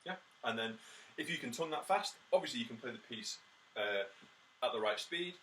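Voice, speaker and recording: Bright-toned man teaching brass. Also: mid-range voice, expressive, brisk. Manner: counts beats and sounds out rhythms with spoken "ta" syllables; practical, encouraging, lots of "uh" and "um". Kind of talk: instrumental tutorial explanation. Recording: somewhat distant mic with faint background noise.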